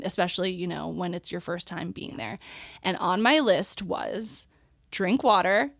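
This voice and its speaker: A middle-aged woman hosts a podcast in a loose, frank way and curses without a second thought. Her voice is close and dry, with no room sound around it. Her pitch sits in an ordinary middle range. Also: normal speed, no echo. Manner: frank and swears freely. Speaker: podcast host. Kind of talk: casual chat.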